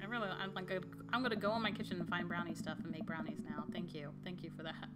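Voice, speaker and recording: A woman's voice: fairly low pitch, steady tone, fast. A young woman giving giggly, exclamatory commentary while playing a dating game, over faint music. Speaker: gamer.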